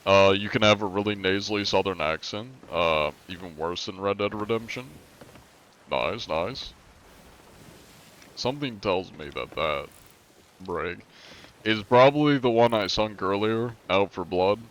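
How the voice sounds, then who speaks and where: A man's voice: lowish voice, a little slow, a bit bright. A man from the United States chatting casually on a live game stream, joking as he answers chat questions.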